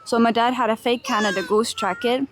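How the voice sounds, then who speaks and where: A chatty young woman from Finland, talking loosely to her stream chat as she strolls outdoors with a phone in hand. Her voice sits a little high and she laughs easily between remarks, in an open-air, phone-mic sound. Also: brisk, background noise. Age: young adult. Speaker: IRL streamer. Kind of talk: casual livestream chat while walking. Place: outdoors in a park. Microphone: handheld phone camera.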